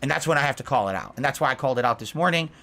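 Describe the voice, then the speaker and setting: A man's voice: medium pitch, animated, rapid-fire, creaky, pushed and bright, soft background music. A man streaming live, giving an earnest, lecturing monologue to his chat to justify himself.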